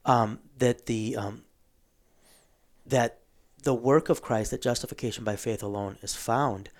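A man of average pitch walks through a book in a casual theological conversation. He explains at length, pausing with ums and clearing his throat now and then. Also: fairly even intonation.

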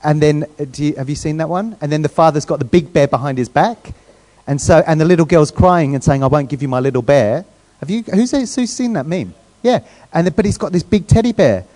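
Aussie guy preaching in church, a bit high, warm mellow voice, keeps asking the crowd if it makes sense. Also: lively intonation, a little fast. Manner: conversational, asks the crowd questions, restarts often. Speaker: guest preacher. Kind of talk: sermon.

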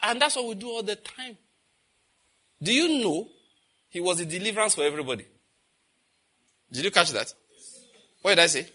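A man's voice: sits high, expressive, normal speed, pauses often, pushed and bright. A man with a Nigerian accent preaching a sermon, telling stories and asking his listeners questions. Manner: storytelling, asks the audience questions.

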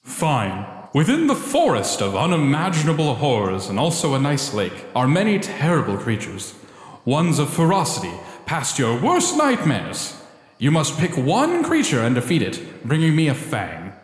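A man playing a pompous cartoon oak tree whose voice swoops wildly between booming decrees and whiny grumbling. It rings out with a roomy, long-tailed echo, as if the tree itself were a great hall. Grand on the surface, petty underneath. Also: huge pitch swings, moderate pace. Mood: exasperated. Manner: booming pompous proclamations that slip into casual complaining. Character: self-important talking oak tree, grand but petty.

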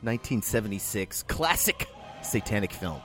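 A man hosting a movie podcast in relaxed casual chat, introducing the crew and laughing along. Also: on the low side, moderate pace, soft background music. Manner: easygoing, laughs. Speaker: podcast host.

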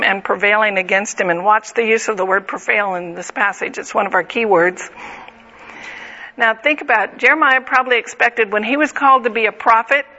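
A woman's voice: medium pitch, sharp tone, dull audio. A woman teaching a Bible study lesson, explaining the passage in a conversational way.

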